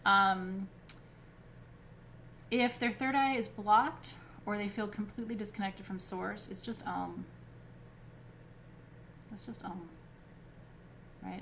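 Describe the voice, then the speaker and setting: A woman teaching a live class on crystals and chakras. She talks in an informal, chatty way, fills pauses with "um", keeps checking in with "right?", and laughs easily between points. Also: medium pitch, fairly even intonation, creaky, fairly bright tone, a little hiss or hum. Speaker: spiritual teacher.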